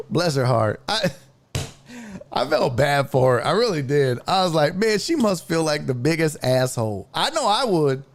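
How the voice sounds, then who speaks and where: Animated, profane middle-aged man. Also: on the high side, a little slow, creaky. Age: 50s. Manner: profane, animated, acts out quotes. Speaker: podcast host. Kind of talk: comedic storytelling.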